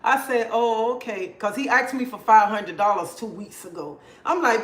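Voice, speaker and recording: An older woman, chatting casually on a livestream and telling animated stories with quoted dialogue. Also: fairly high pitch, normal speed, hardly any pauses, roomy sound. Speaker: livestream host. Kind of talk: casual chat.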